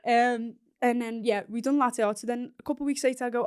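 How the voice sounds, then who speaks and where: A young woman with an English accent chatting casually as a guest on a podcast. She tells stories in a fairly high voice and acts out each line of dialogue she quotes. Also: fairly even intonation, a little fast, clear, resonant tone. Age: young adult. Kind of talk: casual chat.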